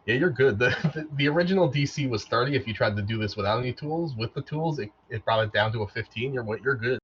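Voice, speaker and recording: A man narrating as the game master of a tabletop game, relaxed and loose, often repeating words as he goes. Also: medium pitch, quick pace, breathy edge. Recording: dull lo-fi mic.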